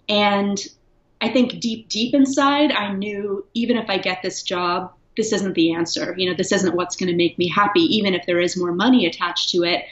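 Woman guest telling her story, candid, laughs a lot, echoey kinda muffled audio. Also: on the low side. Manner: candid, reflective, laughs often. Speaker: guest, writer. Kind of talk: casual interview. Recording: echoey, dull lo-fi sound.

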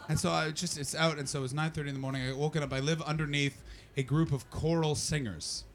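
Brash, gravelly-voiced male stand-up comic. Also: fairly high pitch, fast talker, few pauses. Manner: brash, profane, animated storytelling. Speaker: stand-up comedian. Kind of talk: stand-up comedy with crowd work. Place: comedy club cellar venue.

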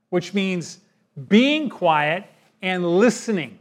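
A man delivers a sermon in a voice that sits noticeably high for a man. He reads scripture and questions his listeners, pressing on some lines and dropping almost to a hush on others. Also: expressive, slow pace. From United States. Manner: emphatic, swings from loud to hushed, asks the congregation questions. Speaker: pastor.

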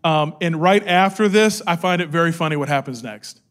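Fairly quick and a bit bright, a middle-aged man's high-ish voice carries a sermon as he preaches as a pastor. He tells the story energetically, acting out each quote.

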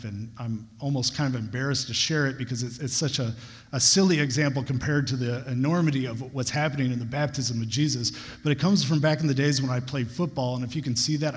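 Earnest preacher man in a reverberant hall. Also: mid-range voice. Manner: earnest storytelling with rising emphasis. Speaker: pastor. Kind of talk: sermon.

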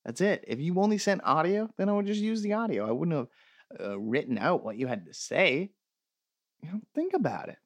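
A man's voice: fairly high pitch, sing-song, brisk, no echo. A man hosting a comedy podcast, reading listener emails aloud and answering them with sarcastic, profane mock rants. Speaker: podcast host.

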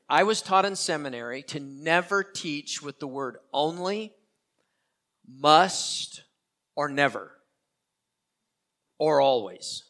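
Older pastor, emphatic repeating sermon. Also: male voice, fairly high pitch, fairly bright tone. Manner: earnest, repeats key phrases for emphasis.

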